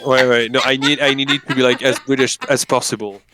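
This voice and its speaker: A man's voice: medium pitch, steady tone, fast talker, raised voice, background noise. A man chatting and joking casually with friends while they play a game together. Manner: joking and playful. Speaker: player reading parts. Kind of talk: casual group chat over a game.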